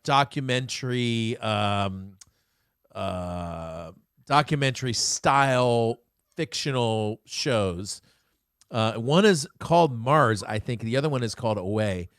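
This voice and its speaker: A man's voice: medium pitch, lively intonation, unhurried, no echo, clean studio sound. A man hosting an interview show, chatting casually and telling rambling jokey stories. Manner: joking, rambling storyteller. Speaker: podcast host.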